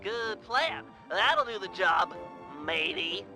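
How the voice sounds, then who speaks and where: High, bright nerdy turtle sidekick. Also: male voice, expressive, full character voice. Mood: cautious. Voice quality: quick, fussy and instructive. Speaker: game character. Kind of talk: video game voice acting. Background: game music.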